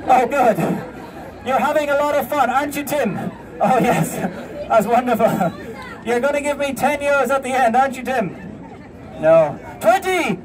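His voice is extremely high yet a little mellow as he performs a comedy street act outdoors in a city, teasing and directing his volunteers. Crowd laughter and traffic noise come through on this far-off recording.

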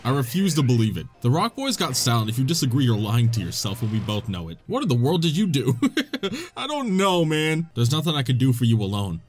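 A young man giving excitable let's play commentary, laughing, swearing and reading the dialogue aloud. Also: medium pitch, a little fast. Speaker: gaming YouTuber. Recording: faint game music behind. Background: faint game music.

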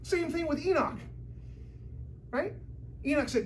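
A woman preaching a sermon in a church, talking in a conversational, lively way with shifting loudness. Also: fairly low pitch, unhurried, pauses often, far from the mic, a little hiss or hum.

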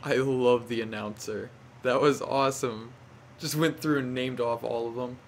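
Animated young man narrating his gameplay. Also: mid-range voice, moderate pace, slight background noise. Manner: animated, talks to the game, frequent exclamations. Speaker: gameplay commentator. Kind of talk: casual live gameplay commentary.

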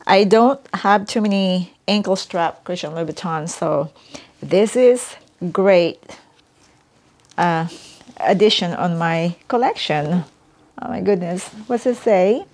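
A woman vlogger chatting casually as she unboxes a gift, excitable and giggly, gushing as she goes. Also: fairly low pitch, slow pace.

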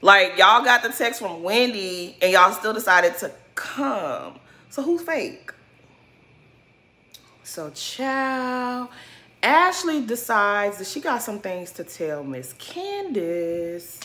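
A woman's voice: medium pitch, sing-song, slow pace, pushed and bright. A woman giving a casual recap of a reality TV episode, blunt and sassy, full of slang and cursing. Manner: colloquial slang-heavy talk.

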